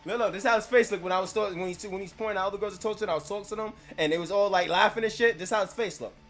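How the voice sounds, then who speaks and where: A man's voice: high voice, racing, a bit bright, faint music behind. A man ranting and telling stories on a live stream, brash, mocking and laughing at his own jokes.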